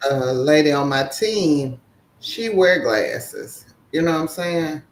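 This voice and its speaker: Man co-host, relaxed livestream chat, slow, a bit roomy with faint background hum. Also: on the high side. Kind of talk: casual livestream chat and job advice.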